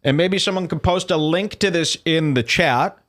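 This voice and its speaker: A man's voice: on the high side, normal speed, a bit bright. A man hosting a casual livestream, rambling and mocking as he reads out posts. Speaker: show host.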